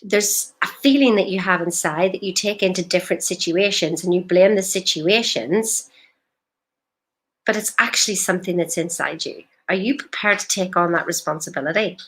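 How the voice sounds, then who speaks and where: A woman's voice: on the low side, normal speed. A woman, a life coach talking directly to a live-stream audience in an emphatic, questioning way.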